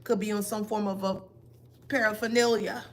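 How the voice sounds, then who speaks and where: A woman delivers a spiritual reading with a taunting, emphatic edge, firing off rhetorical questions. Her mid-pitched voice carries a gravelly fry. A faint hiss of noise sits under the recording. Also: steady tone, normal speed. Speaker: tarot reader.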